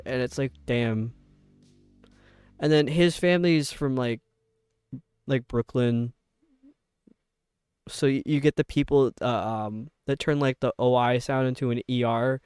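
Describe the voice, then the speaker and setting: This young game streamer hails from upstate New York and has a faint New York accent; he rambles chattily with viewers, quick to laugh. His mid-range voice is a little mellow and clean, with no echo.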